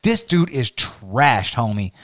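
A man co-hosting a casual chat, telling a story in a laid-back, slangy, animated way. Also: mid-range voice, slow, no room sound, clean studio sound. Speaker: podcast co-host.

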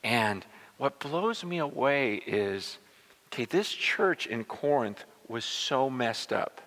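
A man preaching a sermon as pastor, animated, often repeating words and acting out the people he quotes. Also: mid-range voice, slow. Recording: long reverb of a large hall.

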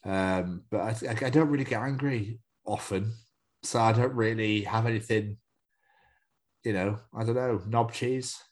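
A man's voice: on the low side, a little slow. A man guest on a casual podcast who swears freely and laughs often. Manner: swears freely, laughs a lot, self-deprecating.

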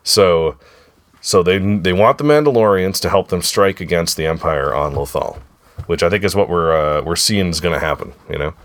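A man with a hoarse, froggy voice from a sore throat, hosting a casual podcast chat with kids and often asking them if they remember. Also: low voice, moderate pace. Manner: chatty, keeps asking the listeners if they remember. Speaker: podcast host.

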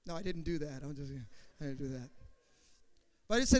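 A man who was once a youth pastor, telling a testimony story in an animated way, acting out the dialogue with playful asides. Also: a little high, fairly quick, long pauses, smooth.

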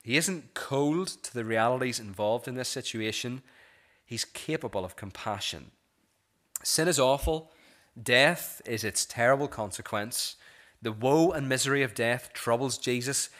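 Male pastor, sermon delivery, earnest, bright voice of middle pitch, often restarts. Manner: earnest, repeats words when restarting; slows and softens on key phrases.

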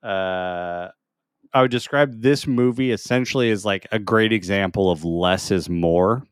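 A man co-hosting a podcast in casual movie chat, relaxed, laughing between points and using lots of "like" fillers. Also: on the low side, unhurried, clear, resonant tone, no room sound, clean studio sound. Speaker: podcast co-host.

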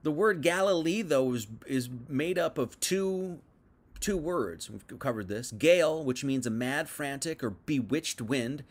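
A man preaching a loose, conversational sermon, his fairly high voice jumping between forceful emphasis and quiet, dropped asides. He reads old scripture lines and then retells them in plain modern talk. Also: a little slow. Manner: reads scripture then paraphrases it in casual speech; animated, swinging between loud and hushed. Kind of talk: informal livestream sermon.

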